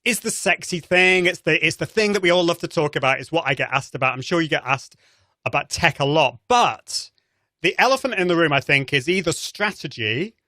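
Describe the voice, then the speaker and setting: A man's voice: a little high, fairly quick, bright, forceful tone, dry recording, studio quality. A man with an accent from near Manchester, hosting a live show in enthusiastic casual chat and often restarting his sentences. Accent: English, Manchester area. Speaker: podcast host.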